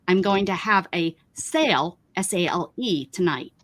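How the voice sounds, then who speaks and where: Brief: woman host, rambling casual chat, emphatic rants, very lively pitch. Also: measured pace, hardly any pauses. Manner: rambling, emphatic, ranting about pet peeves. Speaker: craft livestream host.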